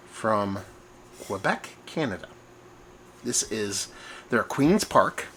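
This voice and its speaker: A man's voice: on the low side, slow pace, slight background noise. A man hosting his own beer review vlog at home, chatty and rambling, poking fun at himself. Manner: chatty, rambling, self-mocking, animated. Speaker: beer reviewer, show host. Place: at home, indoors.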